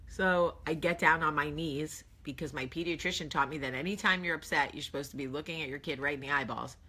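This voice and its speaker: A woman in her thirties hosting a casual vlog, telling a parenting story in a lively conversational way. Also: low-pitched, fast, few pauses. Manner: animated, shouting when reenacting, conversational. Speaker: vlog host.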